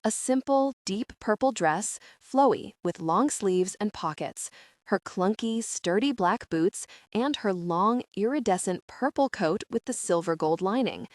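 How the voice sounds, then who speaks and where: Woman reading an audiobook, mid pitch, close dry mic, steady and expressive. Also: unhurried, no echo. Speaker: audiobook narrator. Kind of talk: scripted narration.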